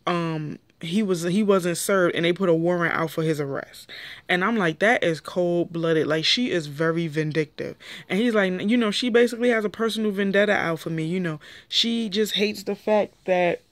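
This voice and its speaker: Opinionated young woman recapping a TV show, dry sound. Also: no echo. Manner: animated, opinionated, jumps pitch when quoting people. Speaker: show reviewer. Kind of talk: casual TV recap commentary.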